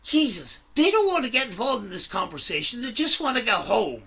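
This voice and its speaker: A man rants through a reaction commentary, swearing and mocking, his voice pitched high and swinging wildly up and down. The tone is sharp, tense and a little raspy. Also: sing-song, fairly quick. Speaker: commentary YouTuber.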